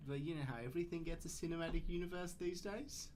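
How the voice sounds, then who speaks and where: A man's voice: on the high side, fast talker, darkish tone, a little hiss or hum. Blunt, opinionated male podcast host. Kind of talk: casual chat.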